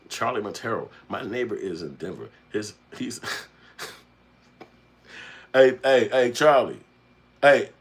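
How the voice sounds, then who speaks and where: Laughing husky-voiced man reading chat aloud. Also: on the low side. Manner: loud laughing, reads comments aloud, slangy. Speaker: livestream host reading chat. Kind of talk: casual livestream chat.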